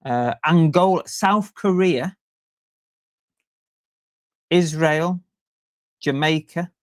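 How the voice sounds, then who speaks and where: A man's voice: a little high, extremely slow, dry recording. A man co-hosting a casual podcast, chatty and jokey as he reads out listener stats. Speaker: podcast co-host. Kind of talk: casual chat.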